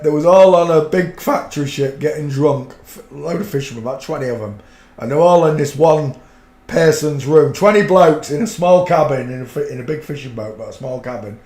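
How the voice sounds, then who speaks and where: A man's voice: a little high, darkish tone. A middle-aged man from a fishing town, hosting a livestream and telling rambling, colloquial anecdotes in casual chat. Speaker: livestream host. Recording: roomy echo.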